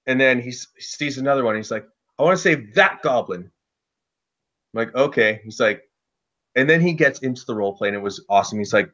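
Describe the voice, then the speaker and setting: A man telling a casual story about running a tabletop game, loose and lively, with lots of "like" fillers. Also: mid-range voice, brisk, dull audio. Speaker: dungeon master guest.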